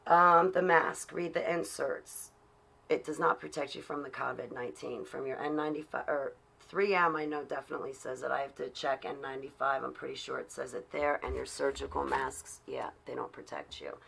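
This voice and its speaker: A woman's voice: extremely low pitch, steady tone, brisk, creaky, fairly bright tone, breathy edge. A woman talking on her own livestream, preaching in an earnest, rambling way with many fillers. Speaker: livestreaming vlogger.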